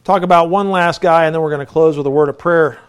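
A man's voice: fairly high pitch, steady tone, fast talker, clean tone. A middle-aged male pastor preaching a folksy, conversational sermon with self-deprecating asides.

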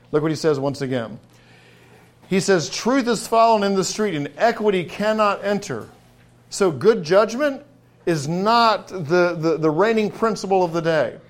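A middle-aged man preaching a sermon in a folksy way, building to emphatic, drawn-out stresses on key words. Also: high voice.

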